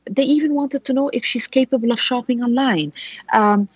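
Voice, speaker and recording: A woman lawyer speaking as a guest on a radio law show, telling a client's story with animated rhetorical questions. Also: fairly high pitch, moderate pace, slightly rough, dry recording, highs cut off.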